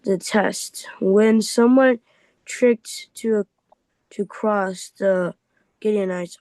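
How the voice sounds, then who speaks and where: A man's voice: high-pitched, fairly even intonation, extremely slow, darkish tone, dry recording, poor audio. A man reading aloud in a Bible class, stumbling over words and restarting often.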